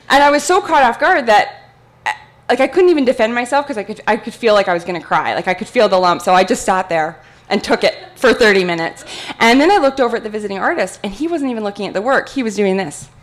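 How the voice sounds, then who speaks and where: A woman giving a talk, telling a personal story in a chatty, animated way with many fillers. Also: mid-range voice. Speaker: guest speaker at an art talk.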